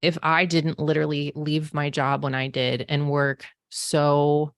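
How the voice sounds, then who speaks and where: Woman in her forties, low pitch, chatty storytelling with fillers, dry close sound. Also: little pitch movement, measured pace, no echo. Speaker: podcast host, psychic medium. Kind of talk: casual storytelling monologue.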